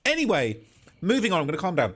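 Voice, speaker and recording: Male streamer, fairly high and very expressive voice, sarcastic and indignant commentary. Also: fast talker. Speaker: live streamer.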